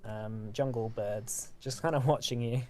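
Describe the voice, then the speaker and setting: A man's voice: mid-range voice, a little slow. Hesitant male game master narrating. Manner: hesitant, many fillers, relaxed descriptive narration.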